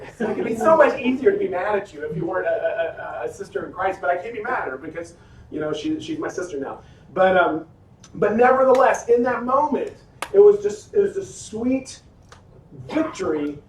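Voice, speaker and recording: A pastor telling a lively personal story in a sermon, acting out his own quotes. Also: high-pitched, recorded from a distance. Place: church hall. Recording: echoey hall, faint noise.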